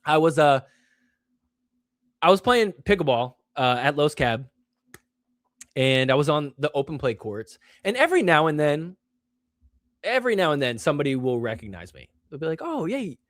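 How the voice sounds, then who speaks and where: This young male host's voice swings widely in pitch, with a fairly bright tone, a moderate pace and long pauses. Alone on his show, he rambles casually with lots of fillers, mocks himself, and does higher-voiced impressions of fans he quotes. The sound is clean studio audio, without echo.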